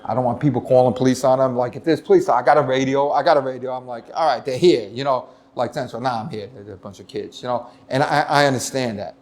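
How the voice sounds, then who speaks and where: A middle-aged man, a retired police lieutenant telling stories in an interview, animated and full of restarts. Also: mid-range voice, fast talker, hardly any pauses. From United States. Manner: animated storytelling, many restarts, acts out quoted voices. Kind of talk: casual interview talk.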